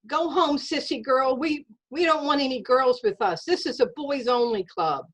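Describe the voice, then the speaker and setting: A bratty young schoolboy yells mocking taunts in a raised, jeering voice, as a woman acts him out. His voice sits well above the teller's own and comes out loud and sneering. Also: high-pitched, moderate pace, voice pushed up. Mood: taunting.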